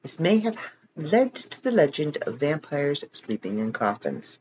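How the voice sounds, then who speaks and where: Male reader, casual, wry asides, animated pitch, slightly muffled home recording. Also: measured pace, a little hiss or hum. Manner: joking, reads text then adds wry comments. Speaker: reader of online articles. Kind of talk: casual reading aloud with asides.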